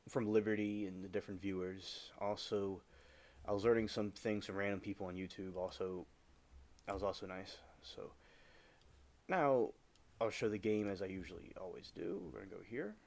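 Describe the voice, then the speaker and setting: Man, lowish voice, casual gaming livestream, rambling, chatty, halting restarts, home desk mic. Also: steady tone, a little mellow. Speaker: live streamer.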